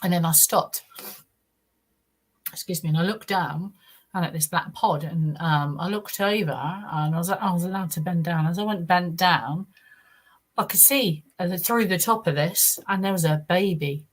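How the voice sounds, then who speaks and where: A middle-aged British woman appears as a guest on a podcast interview, telling a first-person story with earnest feeling. Her voice is fairly low and slightly rough, and she halts often, restarting her sentences.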